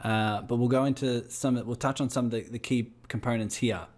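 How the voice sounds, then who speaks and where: A man's voice: medium pitch, steady tone, fairly quick, darkish tone. A man with an Australian accent leading a group coaching call over a video call, firing rhetorical questions at his listeners. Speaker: business coach.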